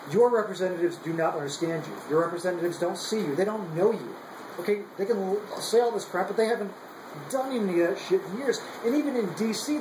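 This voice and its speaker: A man's voice: high-pitched, reverberant, noisy background. A young man on active military duty, giving a heated, profane political rant full of repeated words. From United States. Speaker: active duty service member.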